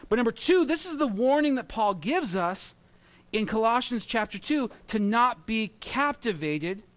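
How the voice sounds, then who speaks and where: A man in his thirties preaching a sermon, telling animated stories with jokes and mimicry. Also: high voice. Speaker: pastor.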